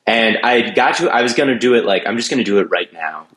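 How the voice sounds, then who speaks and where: Deep-voiced man hosting a sports podcast. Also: animated, quick pace, fairly bright tone. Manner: opinionated, restarts often. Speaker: podcast host. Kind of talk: casual sports chat.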